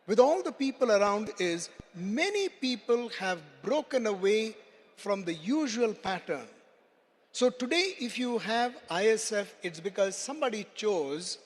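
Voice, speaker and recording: A man giving a keynote, telling a story in an animated, dramatic way to a large hall. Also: high-pitched. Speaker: keynote speaker. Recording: long hall reverb.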